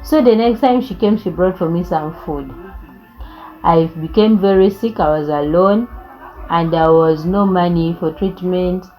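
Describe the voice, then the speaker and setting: A woman's voice: lowish voice, a little slow, highs cut off, faint music behind. A young woman, telling her life story in an earnest, reflective way. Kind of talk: personal storytelling.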